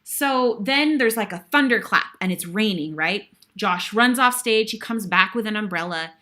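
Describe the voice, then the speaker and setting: Bright-voiced woman retelling a stage memory. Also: mid-range voice, animated, normal speed. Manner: emotional, breathless retelling with sighs. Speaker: guest host. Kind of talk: animated storytelling.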